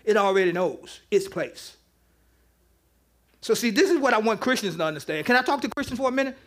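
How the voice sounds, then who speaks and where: Preaching in church at a brisk pace, a pastor with a high voice gives an interactive sermon. Between points he teases his congregation, and his conversational, loose delivery remains informal while he makes his case.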